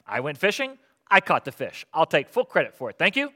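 A middle-aged man preaching a sermon as pastor, conversational and animated, asking the congregation rhetorical questions. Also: a little high, brisk.

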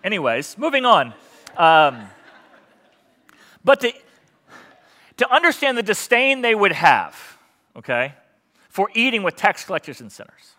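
A male pastor preaching a sermon in a church, animated and joking with the congregation. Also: high voice, a little slow, pauses often. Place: church sanctuary.

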